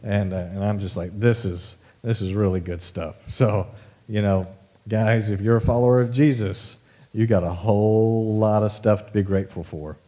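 A man's voice: lowish voice, fairly even intonation, moderate pace, dark tone. A man preaching a sermon in a casual, conversational way, full of asides, fillers and folksy remarks. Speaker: pastor.

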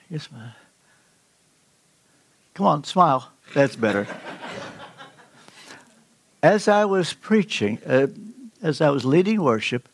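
An older man preaching a sermon, telling stories with emphatic swings in pitch. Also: creaky, no echo. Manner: storytelling, emphatic with sudden pitch leaps.

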